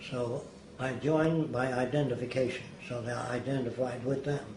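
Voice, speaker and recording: An elderly man recounts stories with emphasis, slipping into the voices of those he quotes. His pitch sits in the middle range. The room around him is echoey, with a faint background hiss. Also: steady tone, moderate pace. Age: older. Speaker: interviewee. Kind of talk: anecdotal storytelling. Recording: roomy echo, faint noise.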